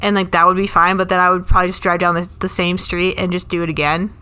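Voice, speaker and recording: A woman chatting on a comedy podcast, telling loose, meandering stories. Her voice sounds bright and sharp, with a smooth, clear tone. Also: on the low side, little pitch movement, quick pace. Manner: rambling storytelling, lots of "like", acts out quotes. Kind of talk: casual chat.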